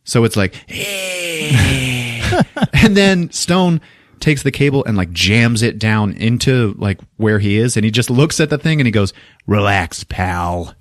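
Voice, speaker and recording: In a podcast studio, a man with a medium-pitched voice casually runs through a film's plot, swearing freely and acting out scenes in funny voices. The recording is studio quality, with no room sound.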